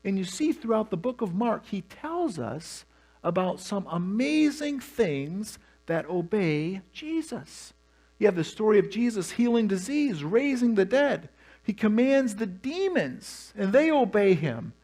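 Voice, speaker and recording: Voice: medium pitch, sing-song, measured pace, a little mellow. A pastor preaching a sermon, telling the story with humor and animation.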